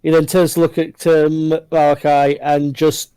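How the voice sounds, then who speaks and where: A man's voice: fairly high pitch, flat delivery, a little slow, warm tone, clear, resonant tone, no room sound, rough recording. Male game master for an online tabletop session, rambling descriptive narration, dry close mic. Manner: descriptive, loose narration with frequent fillers.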